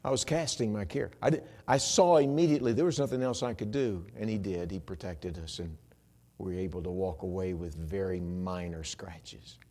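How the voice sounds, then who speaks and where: A man preaching a sermon with animated storytelling, swinging between loud bursts and hushed moments and dropping in humorous asides. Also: deep voice, normal speed. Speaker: pastor.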